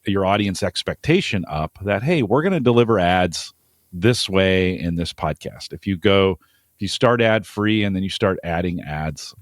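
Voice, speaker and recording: A man co-hosting a podcast, giving measured, practical advice and often repeating words as he thinks. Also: lowish voice, dry recording. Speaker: podcast co-host. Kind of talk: casual podcast chat.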